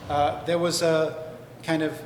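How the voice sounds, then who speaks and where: This man's voice sits on the high side, level and slow, as he speaks on stage as an interview guest at a book festival. An author and historian, he works through ideas thoughtfully and at length, often restarting and using fillers. The recording carries a little hiss or hum, plus echo and faint ambience from the large hall.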